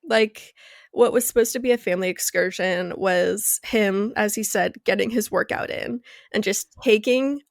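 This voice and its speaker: Gravelly-voiced young woman, chatty podcast co-host. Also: medium pitch, moderate pace, no room sound, studio quality. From Arizona, US. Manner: chatty storyteller, lots of "like" fillers. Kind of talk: casual chat.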